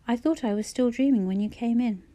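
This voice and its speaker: A woman laid up with flu who jokes at her own expense, dry and wry, read by a woman narrator. Her voice is mellow and warm, the delivery plain and conversational. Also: a little high, fairly quick, lightly acted. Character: woman, ill with flu, wry and self-mocking.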